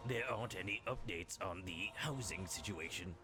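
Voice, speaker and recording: A man voicing a formal male agent in a deep, gravelly voice, reading game dialogue as a measured report. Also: music in the background, close to an everyday voice. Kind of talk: game dialogue read aloud by a player.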